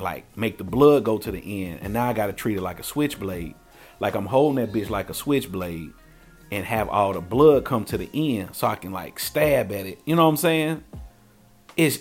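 A man with a lowish voice recounts a crude personal story in loose, profane conversational speech. He acts out quoted lines as he goes, with soft music underneath. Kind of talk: casual comedic storytelling.

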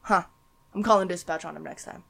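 A woman's voice: on the low side, fairly quick, gravelly, a crowd in the background. A woman telling a profane workplace story on a podcast, acting out what people said. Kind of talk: casual podcast chat.

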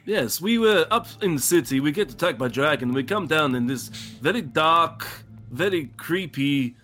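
A man's voice: a little high, expressive, moderate pace, a bit bright. A man playing a tabletop game, rambling playfully in character. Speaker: player. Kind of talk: tabletop role-play.

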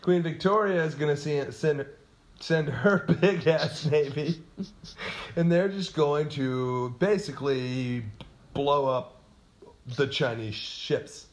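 A man's voice: fairly high pitch, slow. A man co-hosting a podcast, telling history in a loose, joking, self-deprecating way, chatting with his wife. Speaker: podcast co-host. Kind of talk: casual history chat.

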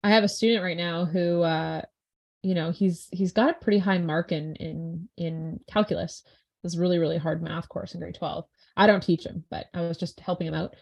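Tired young woman, teacher co-host, lower voice, chatty and rambling. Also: steady tone, normal speed, gravelly, darkish tone, highs cut off. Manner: chatty, tired and yawning, many fillers like "right" and "you know". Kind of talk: casual podcast conversation.

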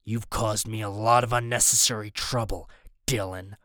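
A man voicing a cold, menacing male ship captain who speaks slowly. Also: steady tone, bright, forceful tone, no echo, clean studio sound. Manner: slow, low and drawling.

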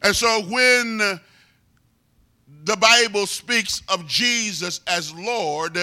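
A man delivers a sermon in a high, very bright voice. He speaks at an unhurried pace, teaching steadily and then building to loud crescendos. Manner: preaching with rising, shouted crescendos. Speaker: preacher.

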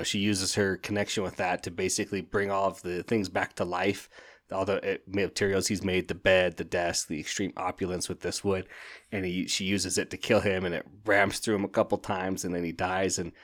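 A man hosting a podcast, chatting casually and excitedly about books in a rambling way, often laughing. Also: deep voice, moderate pace. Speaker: podcast host. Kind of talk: casual book review chat.

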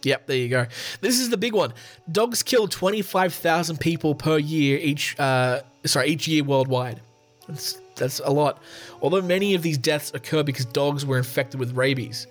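A man's voice: on the high side, normal speed. Brief: male podcast host, loose and joking, faint music behind. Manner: joking, reads questions aloud and answers himself. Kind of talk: casual chat reading a quiz.

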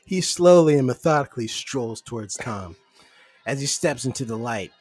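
A man co-hosting a comedy podcast, reading a script aloud in a casual, deadpan way. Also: medium pitch, no echo. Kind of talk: casual comedic read-through.

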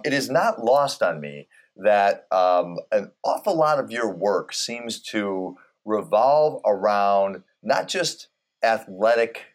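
A male interviewer with a fairly low voice asks thoughtful, curious questions. He often restarts phrases as he searches for the right words, keeping a relaxed, conversational tone. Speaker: interviewer, a doctor.

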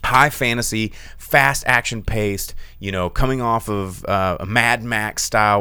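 Animated low-voiced man reviewing films. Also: clean tone, no echo. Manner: animated, swooping pitch, many fillers and restarts. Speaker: film review podcast host. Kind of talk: casual film review chat.

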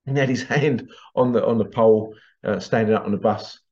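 A man's voice: on the low side, brisk, darkish tone. A middle-aged man chatting straight to his viewers in a loose, rambling way, forever on the edge of laughing at his own stories. The sound is slightly dull and lo-fi. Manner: giggly, keeps breaking into laughter while telling stories. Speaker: vlogger. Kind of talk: casual monologue to camera.

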